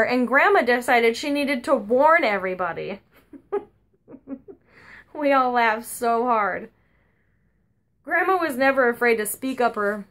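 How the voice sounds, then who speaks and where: Woman giving a funny eulogy, chatty and wry, a bit high voiced. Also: a bit bright. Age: adult. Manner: conversational, wry, anecdotal. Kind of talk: humorous eulogy storytelling. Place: funeral service.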